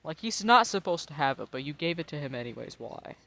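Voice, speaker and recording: A man's voice: a little high, very animated, quick pace, gravelly, pushed and bright. An American man in his twenties, tipsy and rambling in casual, profane chat while streaming a game, laughing often. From United States. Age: 20s.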